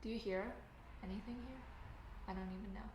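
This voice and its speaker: Speaking briskly in a mid-range voice with fairly even intonation, a Canadian livestream host chats casually while building. She reads comments from chat and rambles, full of fillers and self-corrections. The room echoes and there's faint background noise.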